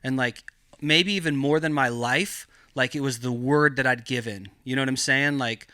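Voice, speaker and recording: A man tells a story in loose, profane podcast talk, leaning hard on "like" and "dude." His voice is bright and forceful. The sound is dry and close. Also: medium pitch, normal speed, clear, resonant tone, no room sound. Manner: profane, animated, heavy filler "like". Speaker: podcast guest. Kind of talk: casual storytelling.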